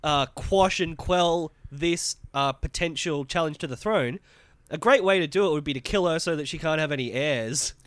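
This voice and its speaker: A man's voice: on the high side, normal speed, dry recording. A man co-hosting a casual podcast, chatting about a TV episode with swearing and lots of agreeing. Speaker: podcast co-host. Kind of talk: casual TV recap chat.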